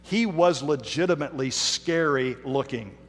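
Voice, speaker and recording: Man preaching in a reverberant church. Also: on the high side. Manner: storytelling, emphatic with dramatic slowdowns. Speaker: pastor. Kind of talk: sermon with personal story. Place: church sanctuary. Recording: reverberant hall.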